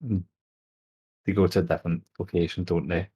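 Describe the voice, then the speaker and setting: A man playing a tabletop game, chatting casually and asking relaxed questions. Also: sits low, a little slow, husky. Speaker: player.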